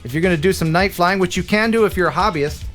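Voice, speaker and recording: A man from the United States hosting a casual live-stream chat, animated and laughing often. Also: sits high, quick pace, faint music behind. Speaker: host.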